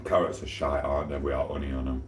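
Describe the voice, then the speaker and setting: A man's voice: very deep voice, level tone, fast talker, reverberant, background noise. A man hosting a casual live stream from his kitchen, rambling and cheekily flirting with his chat while eating. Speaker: livestream host. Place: home kitchen.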